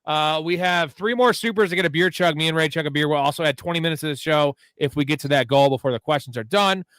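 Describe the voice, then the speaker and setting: A man hosts a live sports talk show, running through viewer questions with loose banter and the occasional curse. His voice sits a bit high and bright. It comes across crisp and close, with a dry sound. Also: quick pace, no room sound. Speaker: host.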